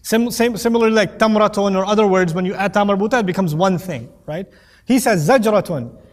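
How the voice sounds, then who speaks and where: A man teaching a lecture on Quranic Arabic, animated and playful, acting out quoted voices as he explains. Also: high voice, brisk, long reverb tail.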